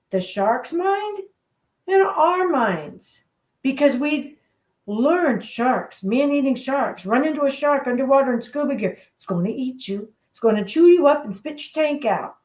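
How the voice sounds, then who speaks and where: A woman hosting a radio talk show who tells stories in a lively, playful way to encourage her listeners. Her voice sits fairly high. The recording rings with a roomy echo. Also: unhurried. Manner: animated, playful storyteller. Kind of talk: motivational storytelling talk.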